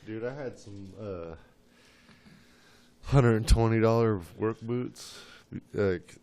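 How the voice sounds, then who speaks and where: A man's voice: lowish voice, slow pace, darkish tone, dry recording. A young man in a casual chat, telling laid-back stories and swearing a lot.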